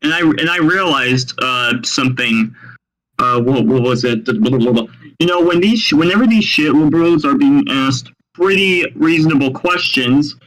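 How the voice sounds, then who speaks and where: A man chimes in on a livestream in a fairly high voice, casual and agreeable. He talks loosely and drops fillers as he hunts for his point. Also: animated, normal speed, a bit bright, rough recording.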